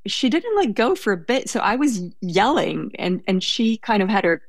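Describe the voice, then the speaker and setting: A woman's voice: mid-range voice, very animated, normal speed, no echo. A young woman telling a story in conversation, hesitant and self-correcting, laughing now and then.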